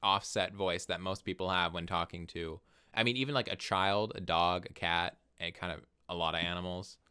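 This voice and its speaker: A young man co-hosting a podcast in casual chat, animated and quick to laugh, swearing casually. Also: low-pitched, clean tone. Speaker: podcast co-host.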